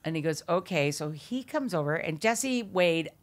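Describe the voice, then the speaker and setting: A middle-aged woman, guesting on a podcast, tells an animated story, laughing often, swearing and acting out quotes. Her voice is on the low side, at a moderate pace.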